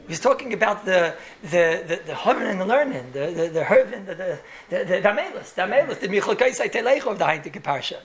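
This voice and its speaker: A man's voice: high-pitched, vocal fry, slight background noise. A man, a rabbi, gives a Torah lecture in English full of Yiddish and Hebrew terms, telling stories with repeated words and chuckling asides.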